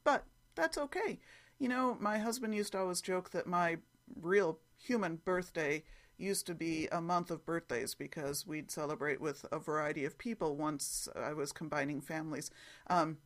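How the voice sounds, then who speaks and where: A woman hosts her own podcast in a loose, chatty way, her voice sitting a little low. She rambles and corrects herself as she talks, recorded at home on a computer microphone. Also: moderate pace. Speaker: podcast host. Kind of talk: casual chat.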